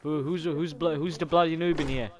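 A man's voice: fairly high pitch, steady tone, brisk, darkish tone, voice pushed up, lightly acted. A young man doing a put-on Australian gamer voice, slangy and swearing constantly as he banters in an online game chat. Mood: cursing. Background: game gunfire and clicks.

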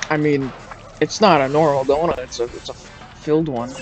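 A man's voice: on the high side, fairly even intonation, moderate pace, muffled recording. A young man casually chatting and swearing while playing a kart racing game, laughing often. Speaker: gamer. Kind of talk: casual gaming chat. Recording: game music playing behind.

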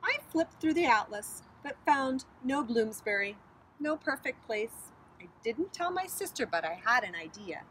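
A preschool teacher reading a picture book aloud outdoors on a bridge over a creek, with expressive storytelling. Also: female voice, on the high side, unhurried, a little hiss or hum, poor audio.

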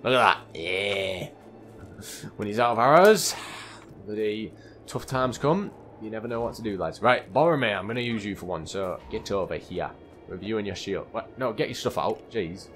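A young man giving chatty, excitable commentary while playing a video game, often calling his viewers lads and mate. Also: on the low side, normal speed, faint music behind. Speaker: gaming channel host. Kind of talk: let's play gameplay commentary.

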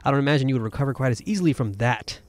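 A man's voice: mid-range voice, rapid-fire, natural voice. A man reading a threatening letter aloud as a wealthy, menacing male boar villain in a video game, with plain read-aloud delivery. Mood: mock menacing.

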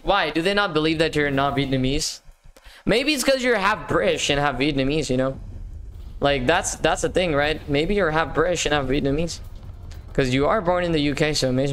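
Chatty young man streaming, slightly high voice. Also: fairly bright tone, slight background noise. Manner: chatty, upbeat, slangy, often repeats himself. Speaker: livestream gaming host. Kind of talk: casual live-stream chat reading viewer messages.

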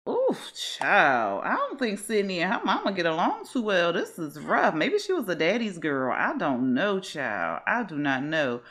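A woman hosts a life-sim let's play with chatty, dramatic commentary, speaking directly to her viewers. Her voice is mid-pitched and full of lively, swooping intonation. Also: unhurried, hardly any pauses. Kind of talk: casual gameplay commentary.

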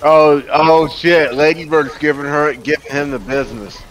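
A man's voice: fairly high pitch, steady tone, normal speed, poor audio. A man chatting and joking casually with friends while playing a game, swearing freely. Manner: swears casually, jokey storytelling. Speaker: co-player. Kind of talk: casual gaming chat.

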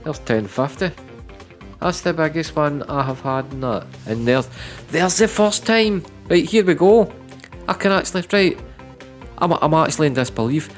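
A man giving live commentary on slot machine spins, chatty and prone to repeating words, breaking into loud excited bursts. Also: fairly high pitch, normal speed, soft background music. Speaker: online slots streamer.

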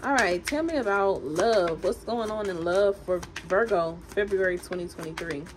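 A woman's voice: mid-range voice, moderate pace. A woman with a Southern country accent doing a chatty, emphatic tarot reading for viewers. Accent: American Southern country. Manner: animated, emphatic, chatty and teasing. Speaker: tarot reader. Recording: noisy home recording.

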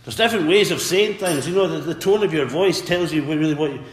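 A man's voice: a little high, fast talker, slight background noise. A man preaching a sermon earnestly, repeating words and calling out for amens. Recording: echoey hall with faint ambience.

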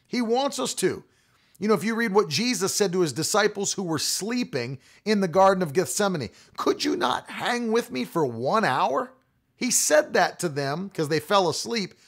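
A man's voice: high voice, fairly bright tone. A man preaching a sermon, emphatic and repetitive, stretching out key words for stress. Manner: emphatic, repeating key phrases.

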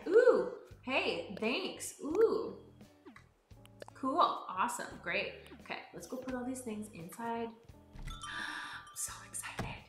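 A young woman streaming a game, bubbly and excitable, swinging between high squeals and low mutters. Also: reverberant. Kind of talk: live-streamed game play.

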